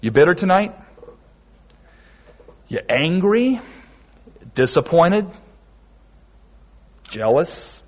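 A man preaching a sermon slowly and emphatically, with dramatic pauses. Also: on the high side, very animated. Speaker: pastor. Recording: dull lo-fi sermon recording.

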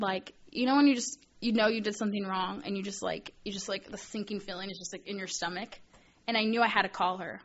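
A woman's voice: medium pitch, a little fast, lo-fi sound. A young woman telling a personal story while teaching a women's Bible study, chatty and earnest, with lots of filler words.

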